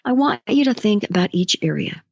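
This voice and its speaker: A woman's voice: medium pitch, animated, a little fast, no echo, lo-fi sound. A woman life coach hosting a motivational podcast, speaking conversationally and telling stories. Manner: conversational, storytelling. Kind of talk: motivational solo podcast talk.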